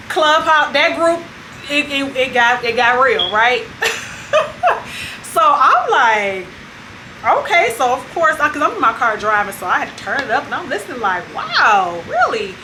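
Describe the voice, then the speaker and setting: A woman hosting her own vlog, telling a story in a casual, animated way and acting out what other people said. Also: sits high, slight background noise, rough recording. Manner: animated retelling that acts out other people's lines. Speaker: vlog host.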